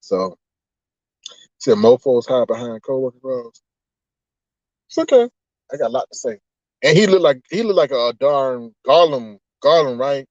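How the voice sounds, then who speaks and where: A man chatting casually on a livestream with his viewers, animated and laughing often as he drifts into preachy asides. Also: mid-range voice, normal speed, long pauses, no room sound, muffled recording. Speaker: online streamer.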